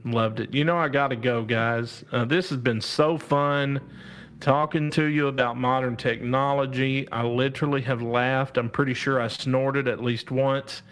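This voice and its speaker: A man's voice: mid-range voice, steady tone, normal speed, fairly bright tone. A man hosting a casual live stream, reading out viewer comments, laughing often and calling out to God.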